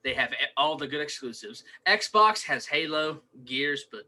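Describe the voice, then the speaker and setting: Young man, podcast co-host, casual rambling, very bright tone, slightly high voice. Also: expressive, measured pace, rough recording. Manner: rambling, full of "like" and restarts. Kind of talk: casual chat.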